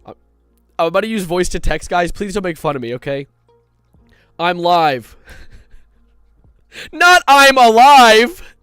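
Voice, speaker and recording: A man's voice: on the high side, normal speed, pauses often, clean tone, no echo, studio quality, soft background music. A man in his twenties chatting casually on a live stream, rambling and jumping between reading chat and his topic.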